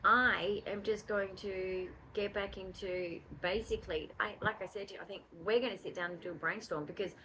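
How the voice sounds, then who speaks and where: Soft-spoken Australian woman vlogger. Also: medium pitch, fairly even intonation, normal speed, few pauses. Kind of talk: casual chat. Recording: noisy home recording.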